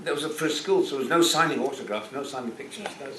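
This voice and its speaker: A man's voice: mid-range voice, fast, a bit bright, slight background noise. Older man in an echoey hall. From Yorkshire, England. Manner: chatty, jokey storyteller. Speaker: actor guest. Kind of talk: anecdotal panel chat. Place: cinema stage Q&A. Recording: echoey hall, picked up from far.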